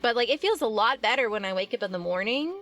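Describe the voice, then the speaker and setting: Chatty young woman streaming with soft music. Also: fairly high pitch, animated, fast. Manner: chatty and rambling, many fillers and restarts, reads and answers chat. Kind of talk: casual live-stream chat while working.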